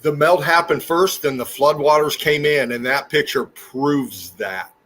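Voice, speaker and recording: A man hosting a casual livestream, speaking in slow, drawn-out, awed remarks. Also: a little high, a bit bright. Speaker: livestream host.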